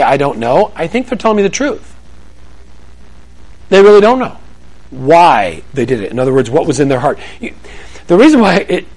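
Middle-aged male pastor, animated preacher who acts out dialogues, lively pitch. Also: poor audio. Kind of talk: sermon.

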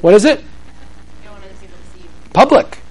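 High-voiced animated preacher man. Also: slow pace, breathy edge. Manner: animated, conversational, acts out scenes. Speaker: preacher teaching on parenting. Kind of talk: sermon-style teaching to a live audience.

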